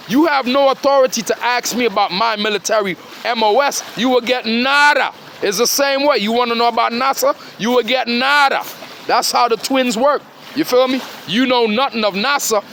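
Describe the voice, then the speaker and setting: A man's voice: very high-pitched, a bit bright, a little hiss or hum. A man delivering a rambling, confrontational monologue, profane and repeatedly demanding "huh?".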